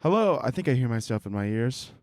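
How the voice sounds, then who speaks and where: A man's voice: medium pitch, steady tone, quick pace, mellow, no room sound, studio quality. A man hosting his own podcast, rambling through tangents in a jokey, profane, casual way while holding a microphone. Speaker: podcast host. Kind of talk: casual solo podcast chat. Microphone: handheld microphone.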